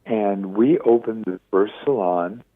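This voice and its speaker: A man in his seventies, a radio interview guest, telling stories with lively acted-out quotes. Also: fairly low pitch, unhurried, no room sound. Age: 70s. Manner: lively storyteller acting out quoted voices. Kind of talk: phone-in radio interview storytelling. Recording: tinny dry phone line.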